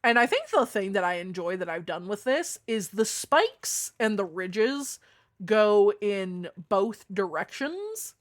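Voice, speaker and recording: A young adult woman streamer chatting casually with her viewers, swearing freely, with a deeper voice than most women. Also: very animated, slow pace. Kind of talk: casual live-stream chat.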